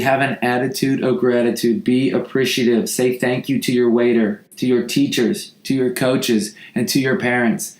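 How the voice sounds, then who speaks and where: Man coaching players in an echoey room. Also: medium pitch. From Oregon. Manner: direct, instructive, with frequent restarts. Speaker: football coach, podcast host. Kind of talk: motivational talk to players.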